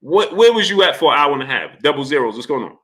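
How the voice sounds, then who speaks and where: Male livestream host; forceful, bright tone, slightly higher voice, animated chatty delivery. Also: quick pace. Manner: animated, repeats questions, greets chatters by name. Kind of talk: casual livestream commentary.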